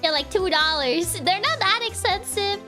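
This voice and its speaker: A woman streamer tossing out giggly, playful asides as she plays. Her voice is very high and bouncy. Game music runs under her talk. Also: animated, moderate pace, bright, forceful tone. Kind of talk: casual game commentary.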